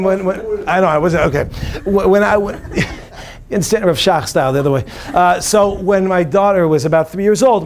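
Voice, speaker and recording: Animated joking rabbi, a man. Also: fairly high pitch. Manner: animated and joking, quizzes the audience. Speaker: rabbi giving a talk. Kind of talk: humorous inspirational talk to an audience. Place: hotel conference session room.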